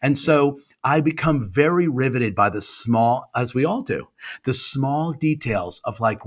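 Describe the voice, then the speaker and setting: A middle-aged man talking in a casual podcast chat, at an ordinary, middle pitch. He rambles through long answers, starting over and dropping in self-deprecating jokes as he goes. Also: lively intonation, unhurried, a bit bright. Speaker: podcast guest, actor.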